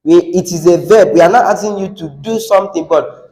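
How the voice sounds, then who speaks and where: A Nigerian man teaching an English class, quizzing students and repeating words slowly. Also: high voice, dark tone. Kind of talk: classroom lesson. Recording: echoey classroom.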